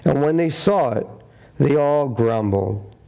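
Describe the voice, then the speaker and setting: A man preaching a sermon, telling the story with animated storytelling and acting out the quotes in character. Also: mid-range voice, slow, vocal fry.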